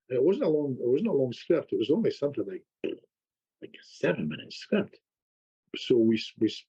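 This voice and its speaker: Husky guy rambling through a story, lots of restarts, kinda dull lo-fi sound. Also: mid-range voice. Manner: animated anecdotes with repeated restarts. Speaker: hypnotherapist guest. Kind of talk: storytelling in a podcast conversation.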